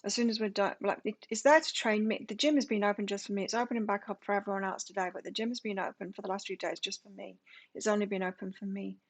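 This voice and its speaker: A woman's voice: mid-range voice, steady tone, quick pace. A woman doing a live tarot reading, reading card meanings aloud and then musing on them in a casual way. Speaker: tarot reader.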